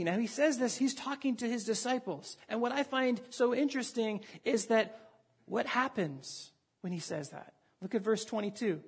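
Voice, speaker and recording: Husky-voiced male pastor preaching conversationally. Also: sits high, normal speed. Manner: animated, conversational preaching with frequent restarts. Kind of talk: sermon.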